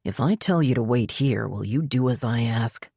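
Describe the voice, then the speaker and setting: A gruff, grim small-town sheriff with a low, dark, clipped voice, as a woman narrator puts him on. His words come quiet and terse. The sound is dry and close. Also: expressive, normal speed, no room sound, exaggerated voice.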